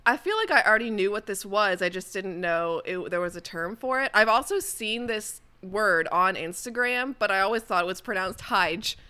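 A woman's voice: mid-range voice, lively intonation, moderate pace, few pauses, bright, forceful tone, clean tone. An enthusiastic woman in casual chat, laughing easily as she explains something.

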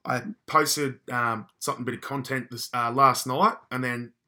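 A man's voice: medium pitch, fairly even intonation, moderate pace, pushed and bright. A man co-hosting a podcast, chatting loosely with lots of "like.". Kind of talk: casual podcast chat.

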